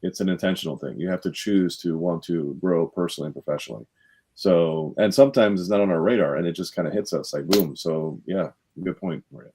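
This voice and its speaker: A man's voice: sits low, fairly quick, mellow, husky. A man co-hosting a live online talk, upbeat and motivational, with frequent fillers. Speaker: co-host, event organizer. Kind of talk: casual live video-call chat.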